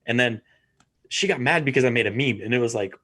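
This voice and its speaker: A young man guest on a podcast, telling stories excitably and putting on voices when he quotes people. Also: mid-range voice, fast, breathy edge. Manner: excitable storyteller, does voices when quoting. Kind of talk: casual podcast chat.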